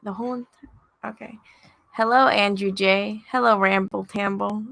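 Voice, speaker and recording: A teenage girl at home reading out viewer names in a flat, offhand way on her father's livestream. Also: mid-range voice, moderate pace, gravelly, dry recording. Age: teens. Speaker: host's daughter. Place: home studio.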